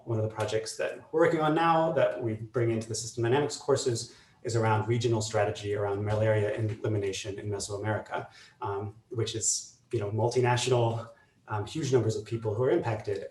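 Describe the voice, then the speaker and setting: Low-voiced man, distant and echoey. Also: darkish tone. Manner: measured, with many "um"s. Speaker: faculty member. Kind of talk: panel discussion.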